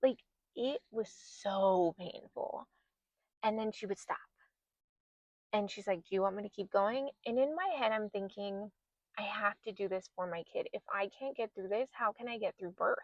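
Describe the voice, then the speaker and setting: A woman's voice: medium pitch, normal speed, darkish tone, no echo, highs cut off. A woman in her thirties hosting a podcast, telling a personal story in a candid, emotional way. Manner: candid, emotional, re-enacts her own past words. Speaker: podcast host.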